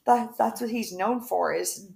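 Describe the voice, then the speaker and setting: A woman's voice: medium pitch, a little slow, gravelly, darkish tone. A young woman co-hosting a podcast in casual chat, talky and full of fillers. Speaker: podcast co-host.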